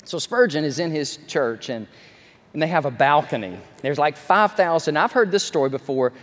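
A male pastor, his voice pitched a little high for a man. He preaches animatedly, with joking asides about himself. The sound rings with the long reverb of a large sanctuary. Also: moderate pace. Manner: animated storytelling, self-deprecating asides. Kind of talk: sermon.

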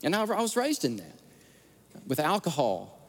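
A pastor preaches a sermon in a long, reverberant hall, telling stories with earnest emotion and repeating his words as he goes. His slightly high voice swings widely in pitch at a moderate pace.

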